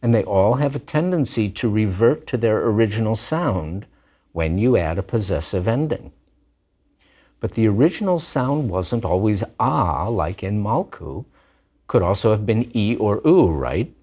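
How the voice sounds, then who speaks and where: A man teaches at an unhurried, deliberate pace, his voice rising and falling widely as he explains and sounds out words. His voice sits fairly low. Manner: animated, plays with vowel sounds. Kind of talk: scripted lesson narration.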